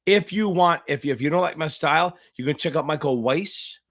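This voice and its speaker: A man tutoring for a finance exam, hosting a livestream Q&A, loud and profane, hyping viewers up and answering chat questions. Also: a little high, fairly quick. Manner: loud, profane, hyped-up coaching.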